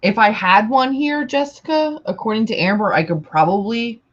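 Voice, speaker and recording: A woman hosting a casual chat on a live stream, animated and acting out quotes, her voice a little worn. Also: fairly high pitch, normal speed. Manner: animated storyteller, acts out quotes loudly. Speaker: host. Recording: dull lo-fi stream audio.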